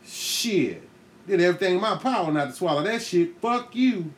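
Animated, profane man telling a story. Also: high-pitched, normal speed. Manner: profane, animated, laughs often, acts out voices. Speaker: podcast host. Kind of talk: comedic storytelling monologue.

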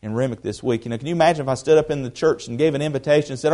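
A man preaching a sermon in a conversational way, repeating words as he goes and swinging between quiet asides and loud, emphatic stretches. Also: medium pitch, rapid-fire, hardly any pauses. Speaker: pastor.

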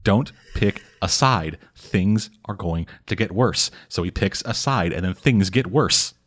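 Low-voiced man, cussing podcast co-host talking through a comic late at night, casual. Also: a bit bright. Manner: profane, rambling recap with quick mock voices for characters. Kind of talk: casual chat. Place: home at night, speaking quietly for housemates.

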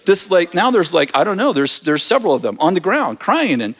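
A man telling a lively story in a sermon, laughing as he talks. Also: high voice, a little fast.

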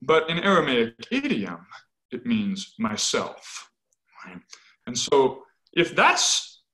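A man explaining as a scholarly guest in conversation, animated, often checking in with "right?" and correcting himself as he goes. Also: mid-range voice, slow pace, low-quality recording. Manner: animated, tags points with "right?".

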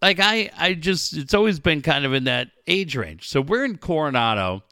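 Lively bright-voiced middle-aged man telling stories. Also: on the high side, normal speed, clear, resonant tone, no room sound, studio quality. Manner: profane, storytelling, laughs often. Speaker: podcast co-host. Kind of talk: casual chat.

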